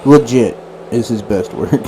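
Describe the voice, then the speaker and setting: A male radio host in loose, rambling chat, often laughing as he goes. His pitch sits mid-range, and there is clear noise behind him in the studio. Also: a little slow.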